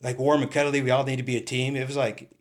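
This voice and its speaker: A middle-aged man who is a retired police captain, telling stories in a casual interview in a rambling, halting way full of fillers and restarts. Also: mid-range voice, level tone. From California.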